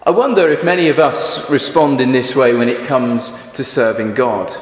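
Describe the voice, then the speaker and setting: A man preaching a sermon in a church, speaking in an expressive, measured storytelling manner. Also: medium pitch. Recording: echoey church with long reverb.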